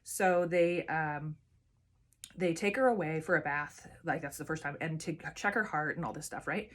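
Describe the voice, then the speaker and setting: A woman's voice: sits low, moderate pace. A woman vlogger chatting casually to camera and telling a personal story with lots of fillers and restarts.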